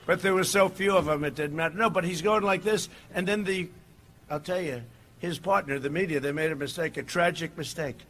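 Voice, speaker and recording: Rally speaker, male, meandering delivery with punchy shouts and quiet asides, voice a touch high and cutting. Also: brisk. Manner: rambling, digressive, swings between shouting and muttering. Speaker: political candidate at a rally. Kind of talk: campaign rally speech. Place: outdoor rally.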